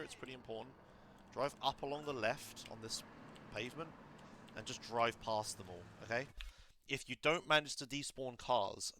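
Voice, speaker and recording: A man casually coaching someone through a game run, relaxed and instructive, with lots of fillers. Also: mid-range voice, a little hiss or hum. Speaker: streamer coaching a speedrun.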